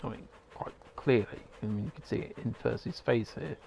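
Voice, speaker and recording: A man's voice: mid-range voice, moderate pace, vocal fry, a little mellow, slight background noise. A man giving rambling, casual commentary while playing a game, swearing now and then. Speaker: gamer.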